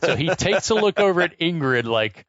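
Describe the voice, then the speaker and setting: A man's voice: on the high side, very animated, normal speed, a bit bright, no room sound, muffled recording. A man co-hosting a podcast, animatedly recapping an action movie's chase scene in casual chat, swearing and incredulous. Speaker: podcast co-host.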